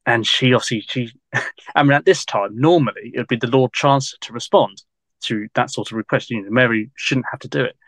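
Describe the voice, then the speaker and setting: A man chatting as a guest historian on a podcast, rambling along with endless "you know"s and easy laughter. His pitch sits in an ordinary middle range, and the sound is dry and close with no room echo. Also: a little fast, a bit bright. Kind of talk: casual podcast interview.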